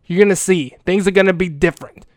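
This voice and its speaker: A man's voice: high voice, fast talker, no echo, studio quality, lightly acted. A man playing a crude, lovesick older school janitor who rambles earnestly and swears a lot in a comic monologue. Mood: lovesick rambling. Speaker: comedic character monologue.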